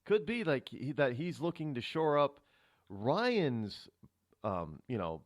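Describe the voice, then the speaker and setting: A man's voice: medium pitch, sing-song, takes it slowly, no room sound. A man hosting a political talk radio show, musing aloud and rambling with many restarts, from a studio microphone.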